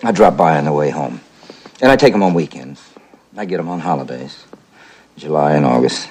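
A man's voice: rumbling low, expressive, fairly quick, darkish tone, breathy edge, exaggerated voice. An actor playing an emotional, fussy divorced father who rambles about his family and apologizes for getting teary. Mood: wistful. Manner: tearful, apologetic, sentimental rambling. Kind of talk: stage comedy acting.

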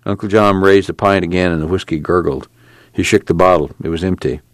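A man reading a novel aloud as an audiobook narrator, slow and measured. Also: low voice, fairly even intonation, dry recording. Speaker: audiobook reader. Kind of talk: scripted narration with character voices.

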